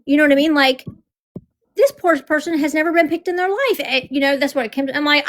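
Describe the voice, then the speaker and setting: A woman's voice: high voice, a little fast, fairly bright tone. A woman hosting a livestream, chatting casually and bluntly, swearing freely and telling stories with animation. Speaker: livestream host. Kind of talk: casual chat.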